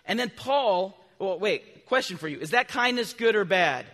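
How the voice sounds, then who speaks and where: A male preacher with a notably high voice gives a children's sermon in a big reverberant church. He keeps asking his listeners questions and answering them himself. Now and then his voice jumps to loud, animated emphasis. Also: moderate pace. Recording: long reverb from a large hall.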